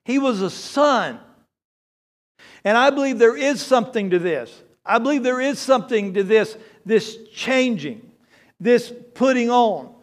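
A man's voice: very high-pitched, lively intonation, normal speed. A man, the lead pastor, preaching a sermon in a conversational way, growing emphatic when he quotes scripture.

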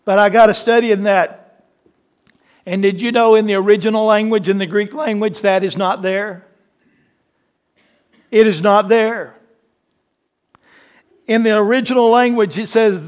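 A man delivers a sermon from the pulpit in a notably high voice. He talks easily with the congregation, then slows down and leans hard into the words he wants to land. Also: steady tone. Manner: emphatic preaching, slows and rises on key words; conversational asides to the congregation. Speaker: lead pastor.

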